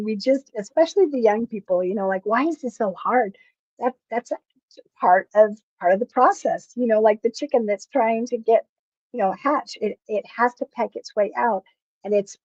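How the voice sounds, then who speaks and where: A woman's voice: medium pitch, dry recording. Earnest woman host on a dull, dry line. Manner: warmly praising, earnest. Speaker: podcast host. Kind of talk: interview hosting. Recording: dull, dry video-call audio.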